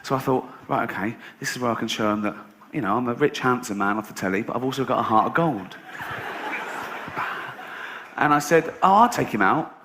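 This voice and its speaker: A man performing a stand-up comedy routine to a live audience, with a sarcastic, deadpan delivery broken by loud outbursts. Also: medium pitch, brisk, long pauses. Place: large venue with audience. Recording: echoey live venue, audience noise. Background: audience laughter.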